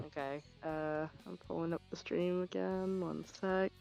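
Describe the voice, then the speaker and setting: A woman player in a casual tabletop session talks bluntly and eagerly, laughing easily. Her voice sits a little low, and it comes through a dull, lo-fi mic with faint music underneath. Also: steady tone, a little slow, creaky, a little mellow.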